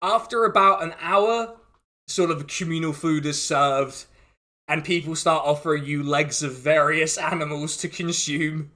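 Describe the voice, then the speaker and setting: A man's voice: on the high side, a little slow, pushed and bright. A man running a tabletop game as game master, rambling loosely and laughing often.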